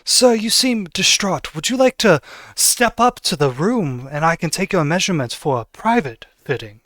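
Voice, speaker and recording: Silky, menacing tailor for a tabletop game, a man putting him on, slightly high voice, dry close sound. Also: animated, normal speed, a bit bright, no room sound. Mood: polite ominous. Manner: polite, silky and ominous. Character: smooth elegant menacing male tailor of assassins.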